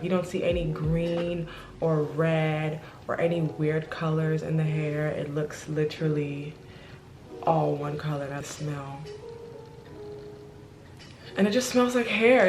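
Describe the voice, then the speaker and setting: Chatty young woman vlogging, echoey room. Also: low voice. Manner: chatty and excitable, addresses viewers as y'all. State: out of breath. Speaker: beauty vlogger. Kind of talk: casual vlog talk to camera. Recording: echoey room with music behind.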